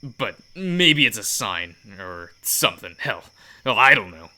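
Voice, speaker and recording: A man voicing a gruff, guarded young male biker who swears bluntly and speaks in halting bursts. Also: on the low side, sing-song, sharp tone, exaggerated voice. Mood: brooding. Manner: blunt, curses, halting apologies.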